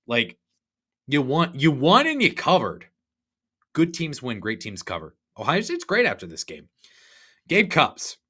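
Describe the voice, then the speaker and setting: A young man hosting a sports podcast, ranting in an animated, sarcastic, exasperated way. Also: mid-range voice. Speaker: podcast host. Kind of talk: opinionated sports podcast rant.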